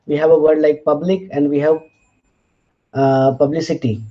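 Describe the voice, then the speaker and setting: A man's voice: fairly high pitch, flat delivery. A man teaching a linguistics lecture, spelling out letters and checking in with "fine" as he moves through examples. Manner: slow, deliberate, spells out letters, frequent "fine" and "uh". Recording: slightly dull, lo-fi audio.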